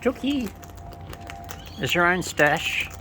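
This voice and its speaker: Woman, low-pitched, slow sing-song coaxing of birds, noisy outdoor recording. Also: big pitch swings. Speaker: bird feeder vlogger. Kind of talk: casual talk to wild birds. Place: outdoors among wild birds. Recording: outdoor noise with bird sounds.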